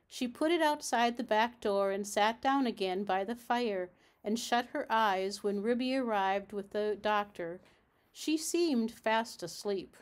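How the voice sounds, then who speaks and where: A woman from a library reading a children's storybook aloud, in a gentle, measured manner. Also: mid-range voice, fairly even intonation.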